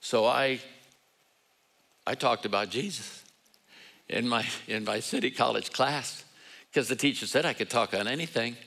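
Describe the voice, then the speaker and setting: A man's voice: medium pitch, a little slow, creaky, long pauses, pushed and bright, rough recording. An older man delivering a sermon, telling stories in a conversational way and acting out the voices in quoted dialogue. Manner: conversational, acts out voices in quoted dialogue, self-deprecating humor. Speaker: guest preacher. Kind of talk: sermon with storytelling.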